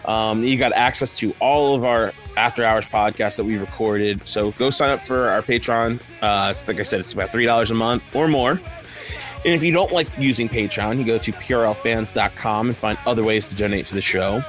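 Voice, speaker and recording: A man's voice: lowish voice, fairly quick, a bit bright, faint music behind. Rambling man hosting a podcast. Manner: loose, rambling with fillers. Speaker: podcast host. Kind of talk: casual podcast chat.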